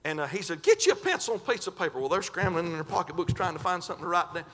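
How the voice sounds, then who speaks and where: A man preaches a sermon in a bright, high voice. He talks folksy and fervent, his pitch leaping around as he draws out scripture lines. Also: very animated, rapid-fire. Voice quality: folksy, colloquial.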